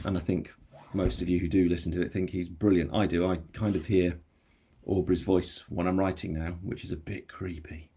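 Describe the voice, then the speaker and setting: A man's voice: deep voice, warm tone, husky. An English man with a general English accent, an author chatting casually on a live stream, rambling and self-deprecating as he answers viewer comments. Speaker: author hosting his book launch.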